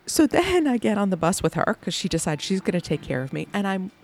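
A woman hosting a podcast recounts her day in an animated storytelling manner. Her voice sits at an ordinary middle pitch, and she breaks into laughter often and acts out the people she quotes. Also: fairly quick, slight background noise.

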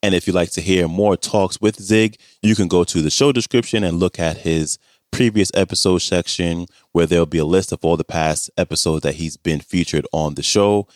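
A male podcast host with a very deep voice reads the show notes and links in a plain, steady delivery. The recording is dry and close, with no room sound. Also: normal speed, no room sound.

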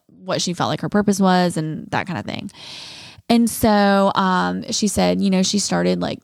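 A woman's voice: on the low side, gravelly, dry recording. A young woman co-hosting a podcast, telling a rambling personal story in casual chat, full of fillers and close to tears. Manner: rambling, lots of "like", emotional, near tears. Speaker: podcast co-host.

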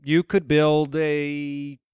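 A man's voice: on the high side, monotone, very slow, a little mellow, clear, resonant tone, no room sound, studio quality. A man hosting a casual chat show, steering the talk and reading out listener questions. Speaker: podcast host.

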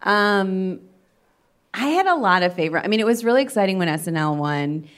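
A woman's voice: medium pitch, lively intonation, fairly quick, clear, resonant tone. Woman guest on a podcast, chatty and self-deprecating, rambles through her stories. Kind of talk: casual podcast chat.

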